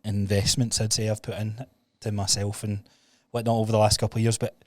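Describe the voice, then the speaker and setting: A man's voice: on the low side, level tone, a little fast, dry recording, clean studio sound. A young Scottish man, a podcast guest, chatting casually and swearing easily. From Scotland. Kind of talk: casual chat.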